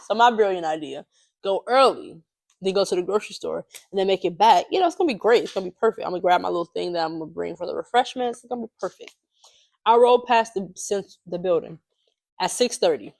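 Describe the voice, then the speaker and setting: A woman's voice: medium pitch, fast talker, gravelly. A young woman co-hosting a podcast, telling a personal story in a loose, chatty way, with lots of fillers and frequent laughter. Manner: chatty, animated, laughs often, many fillers. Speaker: podcast co-host. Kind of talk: casual storytelling chat.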